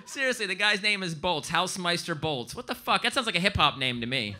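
An American man doing stand-up comedy on stage, animated and bursting into loud, shouted impressions. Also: high voice, fairly quick. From United States. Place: stage before a live audience.

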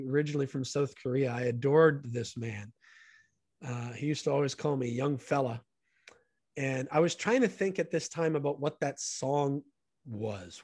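A man's voice: mid-range voice, darkish tone, no room sound. Earnest man telling stories, dry close mic. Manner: earnest, enthusiastic storyteller. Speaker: podcast guest. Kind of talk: casual storytelling conversation.

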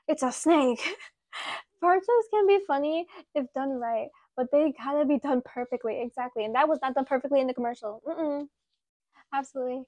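Giggly high-voiced woman streamer. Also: animated, moderate pace, darkish tone, no room sound. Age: 20s. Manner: giggly, chatty, reacting to chat. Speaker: livestream host. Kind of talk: casual live-stream chat while sculpting clay.

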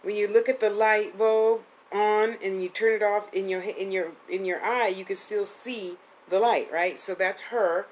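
A woman's voice: mid-range voice, steady tone, unhurried, hardly any pauses, a little hiss or hum, poor audio. A woman in her fifties giving a live-streamed psychic reading, chatty and affectionate, rambling with restarts. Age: 50s. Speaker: psychic medium host.

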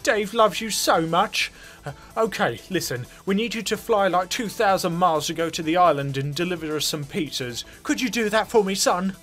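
A man putting on a loud old British wheedler. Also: high-pitched, expressive, normal speed, soft background music, voice pushed up. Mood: wheedling. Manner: loud, wheedling, calls you son. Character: pushy old British man asking favours.

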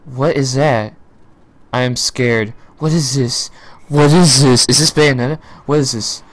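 A young man reacting live to a game presentation, gasping, shouting and swearing in surprise. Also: medium pitch, steady tone, moderate pace. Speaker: reaction streamer.

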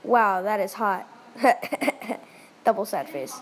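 A woman casually reacting out loud as she reads a chat story, excitable and full of quick exclamations. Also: mid-range voice. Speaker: vlogger reading a chat story.

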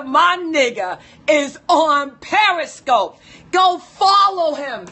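Bright-voiced woman hyping her stream. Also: sits high, takes it slowly. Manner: excited, hyping, urging viewers. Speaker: livestream host. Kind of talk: casual livestream chat.

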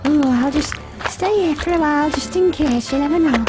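A woman's voice: high voice, moderate pace, natural voice. A woman voicing a genteel, prissy female cow in a video game cutscene. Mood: flustered. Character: prim fussy female cow. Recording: game audio with music behind.

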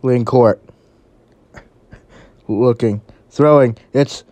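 A play-by-play commentator calling a game live, calm on routine snaps and breaking into excited shouts on big plays. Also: mid-range voice, a little slow, pauses often, no echo.

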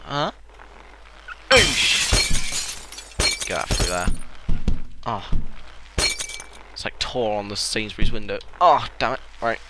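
Young guy doing let's play commentary, crude jokey sarcasm, slow drawly talk, loud noise behind. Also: lowish voice. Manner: excitable, joking, crude and sarcastic. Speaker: gaming channel host.

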